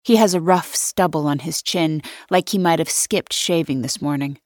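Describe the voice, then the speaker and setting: A woman reading a first-person thriller audiobook in a wry, measured inner-monologue style. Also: low-pitched, no room sound, clean studio sound. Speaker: audiobook narrator.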